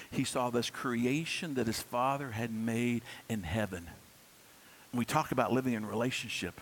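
A male pastor gives a sermon from a church in a gravelly, mid-pitched voice. He talks candidly and conversationally, telling stories and asking rhetorical questions, with a faint hiss underneath. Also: poor audio.

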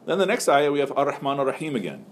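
A man's voice: fairly high pitch, big pitch swings, rapid-fire, a little hiss or hum. A man teaching a religious text class in a loose, joking, conversational way, asking his students questions.

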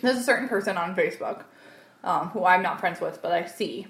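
A woman's voice: fairly low pitch, a little fast, vocal fry, a bit bright. A woman co-hosting a casual podcast chat who speaks bluntly and with strong opinions. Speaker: podcast co-host. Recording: roomy echo.

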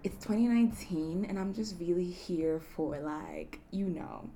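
A woman's voice: lowish voice, unhurried, mellow. Young woman from kenya doing her solo podcast, chatty and giggly, lots of you-know's, faint hiss behind. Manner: chatty, laughs often, lots of fillers like "you know". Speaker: podcast host. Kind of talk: casual solo podcast chat.

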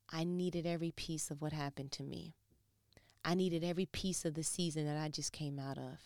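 A woman preaching a heartfelt sermon, emotional and near tears, dropping to hushed tones and rising to loud, passionate bursts. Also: low-pitched, clean tone, no room sound, clean studio sound. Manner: impassioned, emotional, shifting between hushed and loud.

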